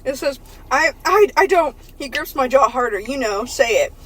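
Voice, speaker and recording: A woman's voice: sits high, animated, normal speed, a bit bright, husky, rough recording. A woman podcast host reading an erotic novel aloud for laughs, stumbling over words and breaking into giggles.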